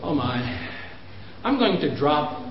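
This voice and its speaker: A man in his fifties lecturing parents, animated, pushing his voice up for emphasis and chuckling at himself. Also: on the high side, takes it slowly. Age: 50s. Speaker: speaker on parenting. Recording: roomy, dull lo-fi recording.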